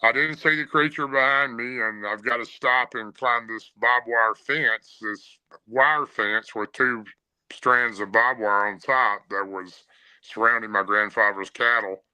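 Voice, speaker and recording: Bright, crisp man telling a story. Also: medium pitch, steady tone, no room sound, rough recording. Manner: plain storyteller with frequent "uh" pauses. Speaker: podcast guest. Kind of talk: first-person encounter story.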